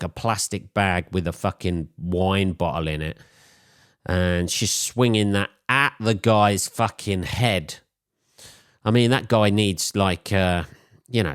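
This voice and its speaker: A man's voice: deep voice, clear, resonant tone, no echo, studio quality. A man hosting a solo podcast, telling a rambling, sweary, wry story in a casual chat. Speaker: podcast host.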